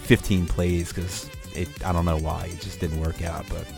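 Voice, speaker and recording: A man co-hosting an internet radio show in casual, rambling chat, reading out shout-outs and chuckling often. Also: sits low, level tone, normal speed, creaky, over music. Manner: laid-back, rambling, chuckles a lot.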